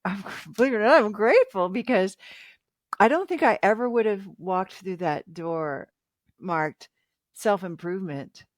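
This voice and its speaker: A woman's voice: mid-range voice, animated, a little slow, dry recording, studio quality. A woman in her fifties, a relationship author talking as a guest in a casual interview, chatty and reflective and laughing often.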